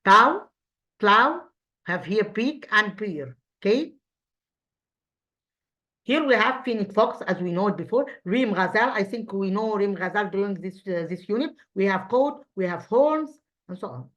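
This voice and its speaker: Woman teacher, English, hesitant explainer with lots of "uh", mid pitch, dull lo-fi recording. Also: expressive, fairly bright tone. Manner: halting, many fillers and self-corrections, asks then answers own questions. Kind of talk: recorded classroom revision lesson. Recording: dull lo-fi audio.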